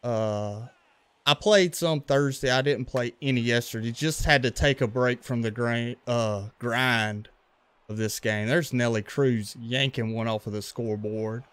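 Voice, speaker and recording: A man's voice: medium pitch, unhurried, clean tone, no echo. Laid-back Louisiana man streaming a game. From western Louisiana. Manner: relaxed, chatty, reacting to plays and greeting chat. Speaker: gaming livestreamer. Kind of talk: casual game commentary and chat with viewers.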